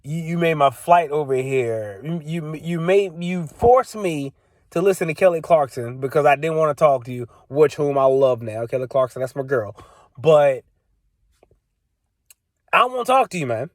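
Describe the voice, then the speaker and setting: A man's voice: on the high side, normal speed, a little mellow, no echo. A young man telling a story in a casual, exasperated way, repeating himself for emphasis. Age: young adult. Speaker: vlogger.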